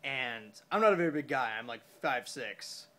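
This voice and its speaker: A young man telling a story casually into his phone after a few beers, rambling and halting with many fillers and curses. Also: medium pitch, lively intonation, pushed and bright. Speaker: vlogger.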